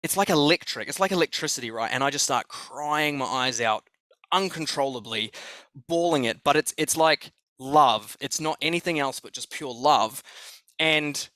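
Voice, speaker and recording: An Australian man telling a story as a podcast guest, excited and swearing freely, often restarting his sentences. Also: on the high side, normal speed, no echo. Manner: excited, profane, repeats himself. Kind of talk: conversational storytelling.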